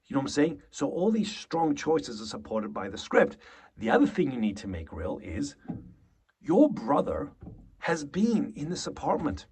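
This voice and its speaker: A man's voice: fairly high pitch, wildly swooping pitch, moderate pace, a little mellow, breathy edge. A man coaching actors, talking animatedly and acting out short example lines, swearing freely. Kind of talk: acting lesson to camera.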